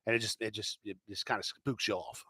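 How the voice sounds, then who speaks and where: A man's voice: on the low side, steady tone, brisk, pushed and bright, slightly rough, no room sound. A man ranting his opinions on a vlog, swearing often, heated and repeating himself. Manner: profane, heated, repetitive. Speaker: commentator.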